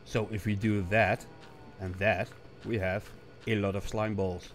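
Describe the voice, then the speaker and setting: A man with a hoarse, coughing voice, muttering to himself in casual gameplay commentary and breaking into frustrated outbursts. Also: lowish voice, level tone, unhurried, soft background music. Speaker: gaming streamer.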